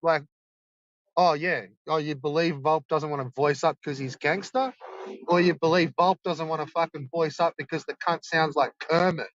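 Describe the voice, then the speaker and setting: A man's voice: a little high, fairly even intonation, moderate pace, a bit bright, no echo. A young man livestreaming, ranting insistently and swearing a lot. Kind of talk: rambling livestream rant. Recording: dull lo-fi streaming mic.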